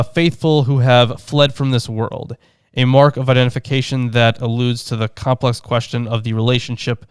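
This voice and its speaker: A man's voice: medium pitch, clear, resonant tone, no echo, studio quality. A man co-hosting a podcast, reading an old text aloud and commenting on it casually, with fillers and restarts. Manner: reads aloud with fillers and restarts, laughs easily.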